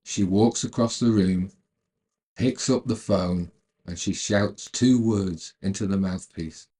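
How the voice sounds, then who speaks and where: A man narrating a retelling of a film's plot in a calm, measured way, then adding his own commentary. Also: low-pitched, breathy edge. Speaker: storyteller retelling a film.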